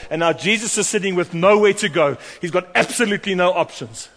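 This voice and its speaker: A man preaching a sermon, animated and storytelling, acting out the voices of the people in his stories. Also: sits high, fast, few pauses. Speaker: pastor. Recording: long hall reverb.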